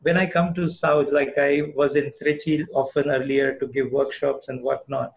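A man's voice: medium pitch, flat delivery, moderate pace, vocal fry. A man from India, a guest architect, answering questions on a webinar call in an earnest, discursive way with many fillers. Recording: muffled lo-fi call audio.

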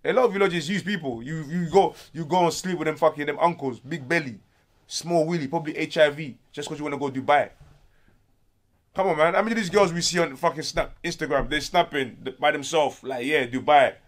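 A young man from Congo, ranting loudly with profane slang as a guest in a casual interview. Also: on the high side, fairly quick.

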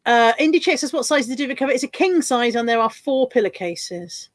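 A woman's voice: a little high, expressive, a little fast, no room sound, studio quality. A woman hosting a casual live stream, giggling, swearing and reading out viewer comments. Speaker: livestream host.

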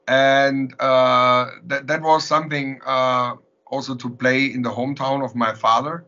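A man with a German accent, a musician guest telling stories in a casual interview, animated, laughing often and repeating words. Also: mid-range voice. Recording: dull lo-fi sound.

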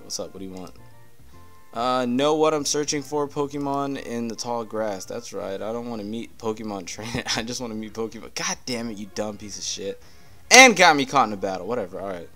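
In a forceful, bright tone from a fairly low voice, a gameplay commentator rambles through a casual let's-play, cursing and growing irritated at the game.

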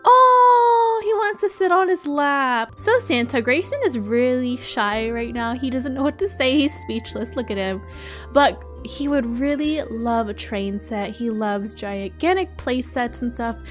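A young woman giving bubbly, excitable role-play game commentary, gasping often. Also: a little high, a little slow, soft background music. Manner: bubbly and excitable, frequent gasps. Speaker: gaming YouTuber.

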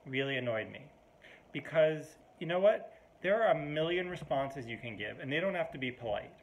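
A man's voice: on the high side, expressive, normal speed, slight background noise. A man in a casual, rambling to-camera monologue at home, full of fillers and restarts, mildly exasperated. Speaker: vlogger.

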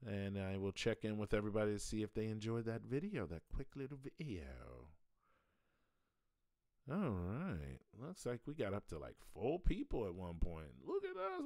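A man's voice: fairly low pitch, very animated, normal speed, warm tone, dry recording, clean studio sound. A man hosting a casual livestream, talking in a rambling, folksy way and chuckling often. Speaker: livestream host.

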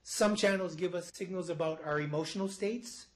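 A psychology professor with a high voice lectures live at a normal pace to a studio audience at a university, explaining things and often restarting his phrases. The recording quality is low.

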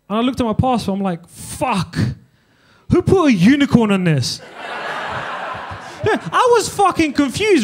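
A young man from Eastern Europe doing a stand-up comedy set on a club stage, talking with the crowd in a laid-back, profane way. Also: extremely high pitch.

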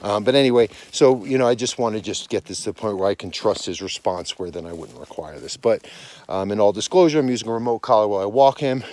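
Guy in his 40s out of breath walking his dog outside, lowish voice, rambly casual podcast talk. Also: lively intonation, fast, darkish tone, slight background noise. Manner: rambling, self-correcting, conversational. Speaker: dog trainer and podcast host. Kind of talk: casual monologue while walking outdoors. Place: outdoors on a snowy mountain property at dusk.

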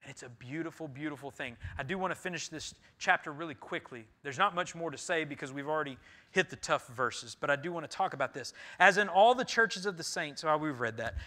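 A man preaching a sermon as pastor, rising to loud emphatic passages and dropping to quiet, earnest talk. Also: a little high, lively intonation, a little fast. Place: church sanctuary.

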